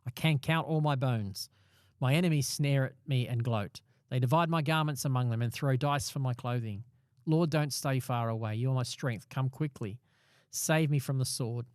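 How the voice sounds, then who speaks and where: A man's voice: mid-range voice, normal speed, smooth, no echo, studio quality. A man co-hosting a casual Bible discussion, explaining passages and reading a psalm aloud with rising emphasis. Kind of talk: casual Bible study chat.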